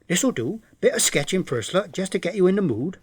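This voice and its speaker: A man's voice: high voice, sing-song, brisk, husky, no room sound, heavily acted. A man voicing a pompous older man with a West Country accent, grandiose and flowery in his talk. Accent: West Country English.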